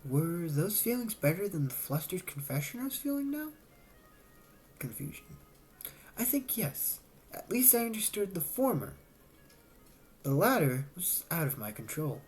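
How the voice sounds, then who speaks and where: A woman reading a novel aloud as a narrator, telling the story with lively shifts and voiced dialogue. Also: lowish voice, moderate pace, soft background music. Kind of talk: audiobook-style reading.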